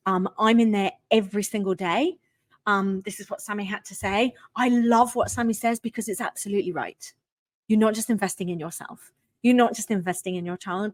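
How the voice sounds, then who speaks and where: A woman coaching parents, pitching her program with gushing, emphatic enthusiasm. Her voice sits in a middle register and is recorded close and dry, with no room sound. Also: no echo. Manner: enthusiastic and effusive, emphatic bursts.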